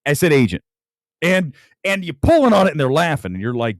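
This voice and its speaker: Animated man ranting about a film. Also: fairly high pitch, brisk, no room sound. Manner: furious, ranting, emphatic. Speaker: film critic host. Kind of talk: live late-night movie rant. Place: at home late at night.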